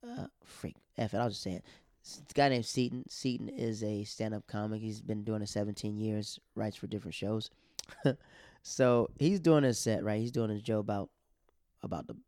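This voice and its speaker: A young man telling a comic story, animated and acting out other people's lines in louder, higher voices. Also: no room sound, studio quality. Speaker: stand-up comedian. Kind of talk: storytelling comedy monologue.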